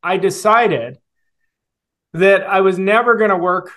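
Male guest coach in his forties, slightly high voice, earnest reflective storyteller with pauses and fillers. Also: fairly bright tone. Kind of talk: storytelling interview answer.

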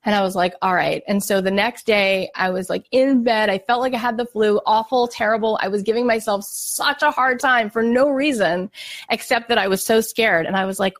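A woman's voice: mid-range voice, moderate pace. A middle-aged woman and podcast host giving a heartfelt motivational talk, earnest and emotional, acting out her own inner voice.

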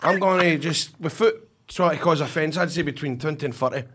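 A man's voice: fairly high pitch, fairly quick, heavy background noise. A Scottish man co-hosting a podcast, bantering boisterously with frequent swearing and teasing laughter. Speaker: podcast co-host. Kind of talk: casual banter.

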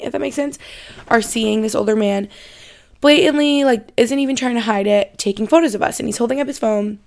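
A woman's voice: mid-range voice, creaky. A young woman hosting a podcast, telling a story in a chatty, rambling way and often correcting herself mid-sentence. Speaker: podcast host. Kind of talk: casual storytelling monologue.

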